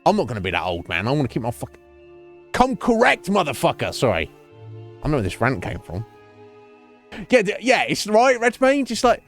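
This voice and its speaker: A man's voice: fairly high pitch, measured pace, long pauses. Guy ranting on stream, swears a lot, voice jumps all over, some music behind. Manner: profane, animated ranting with voiced quotes. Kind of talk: ranting story while streaming a game.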